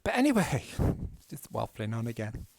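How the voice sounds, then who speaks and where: A man's voice: medium pitch, big pitch swings, moderate pace, creaky, darkish tone, no room sound. A man with a Manchester accent chatting casually while playing a game at home, rambling, self-mocking and laughing often. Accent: Mancunian English. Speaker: gaming vlogger. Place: indoors at home.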